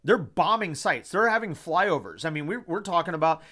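A man's voice: fairly high pitch, sing-song, normal speed, pushed and bright. A man, hosting a podcast and giving his heated, rambling opinions with lots of swearing and repetition. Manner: impassioned, swearing, repeats himself. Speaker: podcast host. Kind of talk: casual opinion talk.

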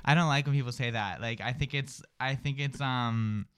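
A man's voice: mid-range voice, normal speed, fairly bright tone, smooth, dry recording. A man hosting a casual morning radio show, teasing his co-hosts in an exasperated, bossy way.

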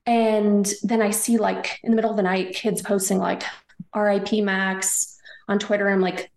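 Gravelly-voiced woman telling a personal story. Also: mid-range voice, little pitch movement, moderate pace, reverberant. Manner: rambling, emotional, full of "like" and "you know". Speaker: guest.

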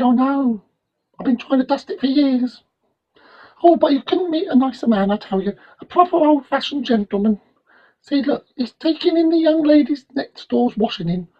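A woman's voice: high voice, dull audio. A woman playing a gossipy cleaning lady. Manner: gossipy, fussing, chattering to herself. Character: chatty, doting middle-aged female cleaning lady.

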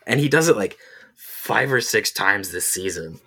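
A man's voice: fairly low pitch, animated, unhurried, sharp tone, husky. A man co-hosting a casual podcast, musing at length and leaning on "like" as he talks. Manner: rambling, frequent "like" fillers. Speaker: podcast co-host. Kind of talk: casual chat.

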